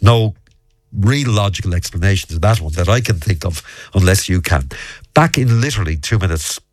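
A man's voice: low-pitched, expressive, normal speed. A man hosting a local radio show, chatting easily and reading out listener texts. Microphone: studio mic.

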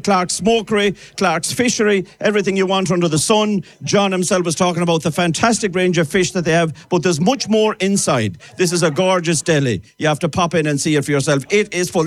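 Chatty Irish radio presenter man. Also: high voice. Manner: chatty and enthusiastic. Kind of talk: live outside broadcast chat. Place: outdoors at a live outside broadcast.

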